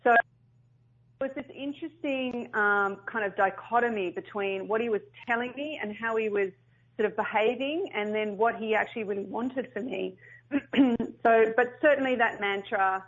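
A woman's voice: a little high, normal speed. A middle-aged woman, a company founder telling her story earnestly in an interview. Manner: earnest, animated storyteller with restarts. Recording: muffled lo-fi sound.

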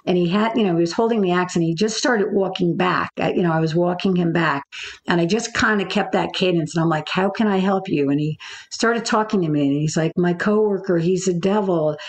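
A business coach, a woman with a fairly low-pitched voice, tells an interviewer a personal story. She speaks haltingly, with many fillers and restarts.

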